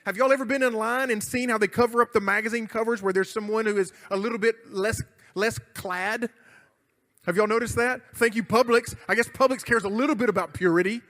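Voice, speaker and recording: A man's voice: high voice, fairly even intonation, brisk, a bit bright. A middle-aged man, preaching a youth sermon in an emphatic, conversational way with jokes. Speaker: youth pastor. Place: church hall. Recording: church hall reverb.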